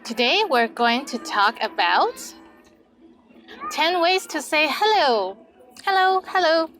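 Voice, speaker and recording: A woman's voice: high-pitched, big pitch swings, slow pace, a bit bright, faint music behind. Bubbly woman hosting a language lesson. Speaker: language teacher host. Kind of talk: lively video lesson.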